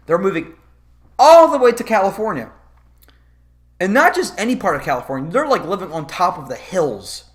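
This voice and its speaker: A vlogger ranting about a movie in a casual comedic review, swearing often and laughing. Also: mid-range voice. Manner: profane, animated, laughing.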